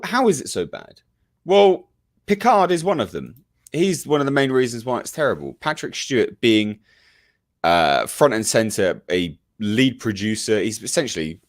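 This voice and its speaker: A man giving a casual, ranting review to a live chat, full of fillers and restarts and openly exasperated. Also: fairly low pitch. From United Kingdom.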